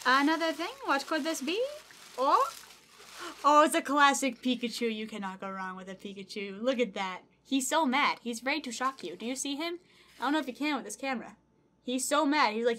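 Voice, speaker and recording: Young woman gaming vlogger, bright and bubbly, effusively grateful, a bit high-pitched. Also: animated, normal speed. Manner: bubbly, gushing, thanks over and over. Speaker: gaming YouTuber. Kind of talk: casual vlog, opening fan mail. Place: home room.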